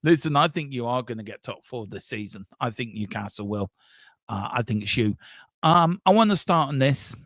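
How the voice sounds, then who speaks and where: A man's voice: mid-range voice, expressive, normal speed, fairly bright tone, dry recording, studio quality. A man hosting a casual football fan talk show, frank and emotional, rambling between reader comments.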